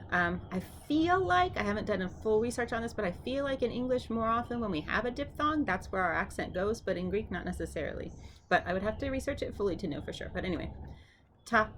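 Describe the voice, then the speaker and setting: A woman teaching vocabulary in a casual lesson, saying each word slowly several times and adding chatty asides. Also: medium pitch, fairly bright tone, slight background noise. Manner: repeats words slowly for the listener, with chatty asides. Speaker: language teacher.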